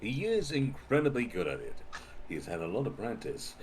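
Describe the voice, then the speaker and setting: A man's voice: medium pitch, huge pitch swings, moderate pace, darkish tone, slight background noise. A man playing in a casual online quiz, teasing the others and laughing often. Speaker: quiz player. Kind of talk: casual banter.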